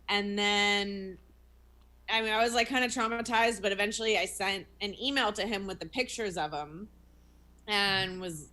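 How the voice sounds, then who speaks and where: A woman's voice: medium pitch, pushed and bright. A young woman comedian, a guest on a video call, telling a personal story frankly with self-mocking asides. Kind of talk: candid interview storytelling.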